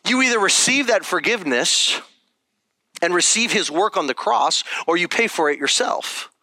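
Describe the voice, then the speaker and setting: A man delivers a sermon as a pastor, talking to his congregation plainly and with emphasis. His voice sits high and sounds bright and keen. The sound is close and dry. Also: lively intonation, normal speed, no echo. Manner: conversational and emphatic, checking in with "okay?".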